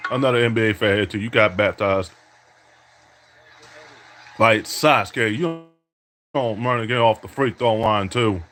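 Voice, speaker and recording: A man's voice: mid-range voice, a bit bright. A man giving trash-talking play-by-play while playing a basketball video game, mixing mock announcer calls with taunts at his opponent.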